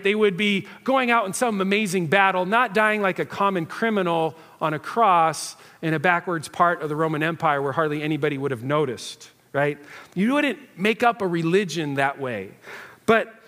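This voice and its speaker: A man with a high-pitched voice delivers a sermon in an animated, conversational way, often tossing "right?" back to the room. His words ring out with a long reverb, as if in a big church sanctuary. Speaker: pastor.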